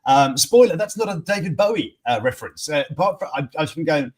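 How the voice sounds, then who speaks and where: A man's voice: a little high, expressive, fairly quick. Rambling man hosting a quirky news stream. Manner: rambling, many fillers and restarts, chuckling. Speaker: host. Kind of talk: casual live-stream chat.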